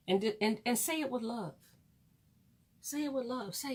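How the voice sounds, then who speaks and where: A woman's voice: fairly high pitch, expressive, moderate pace, husky. A woman ranting on her vlog, blunt and preachy, swearing freely and repeating lines for emphasis. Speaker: vlogger.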